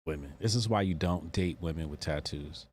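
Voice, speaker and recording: A man's voice: rumbling low, normal speed, darkish tone, a little hiss or hum. A man hosting a casual talk show, bantering with his co-host and teasing her provocatively. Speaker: podcast host. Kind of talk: casual chat.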